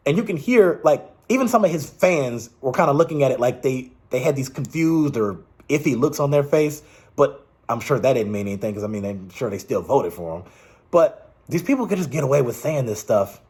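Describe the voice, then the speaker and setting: A man's voice: medium pitch, animated, brisk, darkish tone, husky. A man giving casual, rambling political commentary, exasperated and restarting his sentences often.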